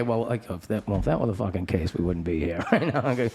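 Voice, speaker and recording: Swearing, animated middle-aged man telling stories. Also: normal speed. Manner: profane, animated, laughing storyteller; acts out other people's voices with big pitch jumps. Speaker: podcast host. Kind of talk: casual storytelling chat.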